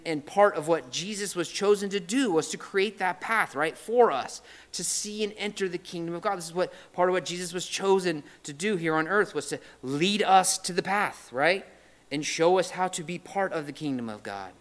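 A male pastor preaches in a relaxed, conversational way, retelling scripture in everyday language. His voice sits a little high for a man, and he keeps checking in with his listeners. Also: moderate pace. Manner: conversational, often adding "right?"; retells scripture with lively paraphrase. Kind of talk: sermon.

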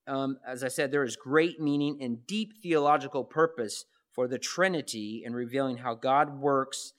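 A man with a slightly higher voice preaches to his congregation. He talks in a loose, conversational way, restarting phrases and tossing out rhetorical questions. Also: a bit bright. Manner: conversational, repeats words and asks rhetorical questions. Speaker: pastor. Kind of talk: sermon.

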